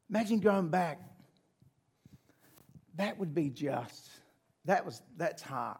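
A man preaching, retelling a story in a conversational, animated way with asides to listeners. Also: fairly high pitch, slow pace, creaky, long pauses, husky. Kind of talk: sermon storytelling.

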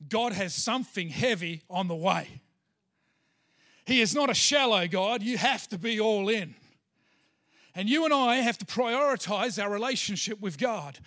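A man's voice: sits high, a bit bright. A man, a pastor giving a sermon and telling a personal story in a chatty way with lots of fillers.

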